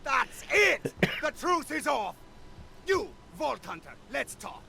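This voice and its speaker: An actor playing a gruff, hot-tempered male crime boss in a video game, with an Irish accent and blustering, profane talk. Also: extremely high pitch, big pitch swings, slow, bright, forceful tone, slight background noise, exaggerated voice. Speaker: game character.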